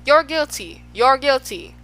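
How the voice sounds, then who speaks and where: A woman's voice: mid-range voice, moderate pace, sharp tone, natural voice, rough recording. A woman voicing a tiny, fierce male policeman in a storybook, stern and officious.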